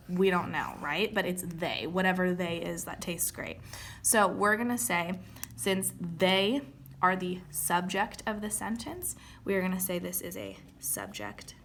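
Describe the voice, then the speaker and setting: A woman's voice: medium pitch, fairly bright tone, a little hiss or hum. A young woman teaching a recorded grammar lesson, patiently explaining step by step and checking in with "okay?".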